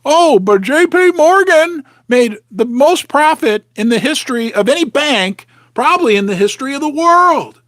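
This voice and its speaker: A man's voice: very high-pitched, expressive, moderate pace, few pauses, fairly bright tone, no room sound, studio quality. A man hosting a casual, rambling commentary from his basement, talking straight to his viewers with sarcastic asides and muttering to himself. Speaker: host of a precious metals channel. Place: home basement.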